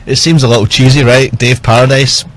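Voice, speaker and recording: A man's voice: mid-range voice, fairly even intonation, fairly quick. A man, a whisky brand ambassador, telling chatty, self-mocking stories in casual talk. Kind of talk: casual storytelling.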